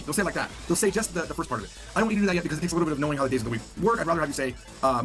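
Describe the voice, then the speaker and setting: A quick-talking man with a lively, bouncing delivery and a slightly raised pitch runs a beginner language lesson. He is upbeat and chatty and repeats each new word so listeners can drill it. Soft music plays faintly behind him. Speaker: language teacher.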